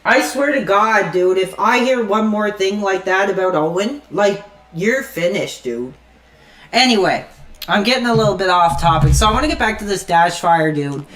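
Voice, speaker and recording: A man's voice: lively intonation, normal speed. Angry ranting man. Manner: heated, profane, swings between loud outbursts and low mutters.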